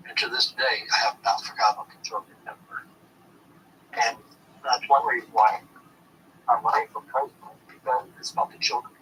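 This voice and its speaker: A man's voice: mid-range voice, steady tone, fairly quick, pushed and bright, distant mic, slight background noise, rough recording. A man telling a long personal story in a rambling, earnest way during a casual talk. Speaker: candidate.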